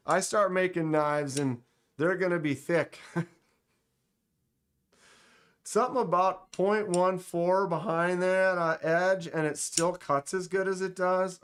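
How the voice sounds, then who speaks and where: A man hosting a casual live stream, joking around and talking straight to his chat with quick exclamations. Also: high-pitched, a bit bright, clean tone. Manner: playful, joking, talks to chat directly; exclaims short interjections. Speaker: livestream host.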